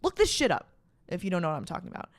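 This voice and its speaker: A woman's voice: fairly low pitch, huge pitch swings, racing, dry recording, clean studio sound. A young adult woman hosting a podcast, retelling a story in casual, profane, slang-filled chat with dramatic emphasis. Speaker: podcast host.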